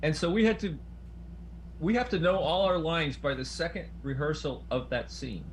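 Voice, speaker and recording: A man chatting as a panel guest, telling his story in an animated, chatty way. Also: on the high side, moderate pace, a little hiss or hum. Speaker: panel guest, stage actor. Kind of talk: casual panel chat.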